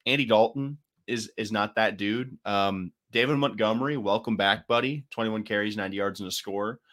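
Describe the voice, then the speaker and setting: A man's voice: fairly low pitch, moderate pace, a bit bright. A man co-hosting a casual sports talk show, rambling and joking with lots of fillers and restarts. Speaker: podcast co-host.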